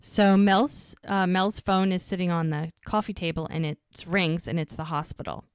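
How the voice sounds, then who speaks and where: A woman's voice: on the low side, fairly even intonation, normal speed, clean tone, no echo, clean studio sound. A woman hosting a rewatch podcast, casually recapping a TV episode scene by scene with lots of "like" and "she goes.". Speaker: podcast co-host.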